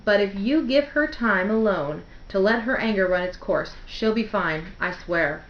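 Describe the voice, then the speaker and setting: A woman's voice: medium pitch, expressive, unhurried, roomy sound, dull audio. A woman doing a dry Southern grandmother. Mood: brisk. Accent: Southern American, put on. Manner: dry, arch, sharp when annoyed. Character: elderly grandmother, dry, arch and brisk.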